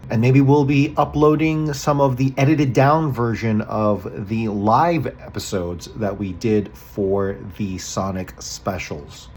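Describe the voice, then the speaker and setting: A man's voice: mid-range voice, a little hiss or hum. A man co-hosting a comic review podcast, joking around and reading comic text aloud with some drama. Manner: joking, lively, reads the comic intro dramatically. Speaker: podcast co-host.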